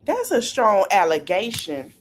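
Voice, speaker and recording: A woman hosting a podcast, talking in animated, casual gossip and hedging her claims. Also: medium pitch, a little slow. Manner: animated, repeatedly hedging with "allegedly". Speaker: podcast host.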